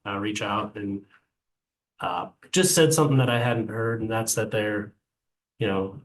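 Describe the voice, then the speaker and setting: A man on a city council gives his report at a meeting, casual and thinking aloud, with fillers between his thoughts. His voice sits a little low. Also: measured pace, low-quality recording.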